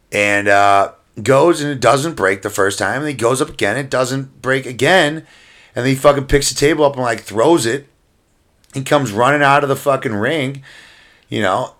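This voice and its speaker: A man co-hosting a podcast, telling a wrestling backstage story in a casual, profane, animated way that often breaks into laughter. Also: lowish voice. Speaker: podcast co-host and wrestling event booker.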